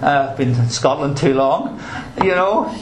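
A man's voice: on the high side, measured pace, a little hiss or hum. Earnest preacher man, echoey room. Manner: earnest, emphatic, with dry humor. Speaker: pastor. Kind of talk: sermon. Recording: roomy echo.

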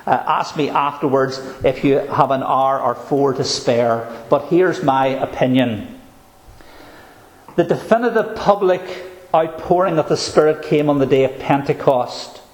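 A man preaching a sermon, earnest and emphatic, slowing down to stress key phrases. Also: medium pitch, roomy sound, poor audio.

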